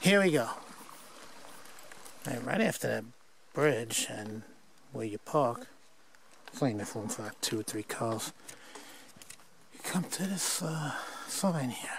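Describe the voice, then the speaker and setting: A man's voice: medium pitch, expressive, takes it slowly, gravelly, long pauses, fairly bright tone, slight background noise. Rambling older man hiking. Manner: rambling, self-mocking, chuckling. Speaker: hiker filming his hike. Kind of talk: casual hiking vlog. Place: outdoors on a forest trail. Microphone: handheld camera mic.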